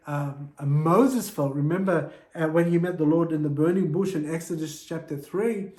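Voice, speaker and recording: Male preacher, slightly high voice, earnest exhortation, echoey church room. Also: normal speed, hardly any pauses, darkish tone. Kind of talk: sermon.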